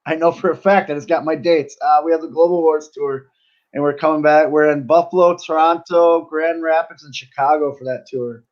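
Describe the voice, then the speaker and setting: A pro wrestler guests on a podcast, chatting in a relaxed, easygoing way, laughing readily and leaning on "you know" a lot. His voice sits fairly high with a steady tone, and the audio sounds dull.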